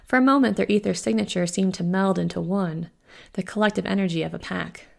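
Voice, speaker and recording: A woman author reading the prologue of her own fantasy novel aloud in a steady way. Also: medium pitch, a little fast, creaky. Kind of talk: audiobook narration.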